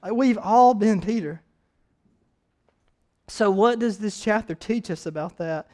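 A man preaching a sermon, retelling a story with dramatic swings between shouting and hushed, quiet passages. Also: high-pitched, measured pace.

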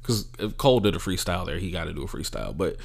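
Profane animated comedian ranting. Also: male voice, low voice, rapid-fire, creaky. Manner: profane, animated, acts out quoted people. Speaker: podcast host and comedian. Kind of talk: casual monologue.

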